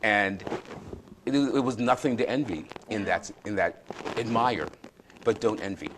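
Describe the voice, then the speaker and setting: Fitness guy hosting a wellness talk, kinda deep voice, sincere, slight background hiss. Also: measured pace, a bit bright, poor audio. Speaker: show host, fitness expert. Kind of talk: casual conversational talk.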